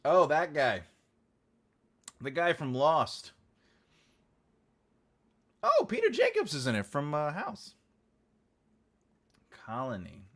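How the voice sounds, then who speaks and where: This author and host from New York speaks with a New York accent in a voice on the high side, with huge pitch swings, a slow pace and frequent pauses. He rambles through self-deprecating asides during a casual livestream chat.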